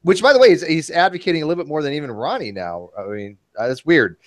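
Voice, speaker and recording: A man chatting casually in an online commentary show, joking and animated. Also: fast talker, dry recording. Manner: animated, joking, swings in pitch.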